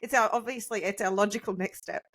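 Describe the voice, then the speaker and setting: A woman's voice: mid-range voice, fairly even intonation, fast, a bit bright. A woman hosting a podcast in a playful, enthusiastic chat. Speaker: podcast host. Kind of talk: casual chat.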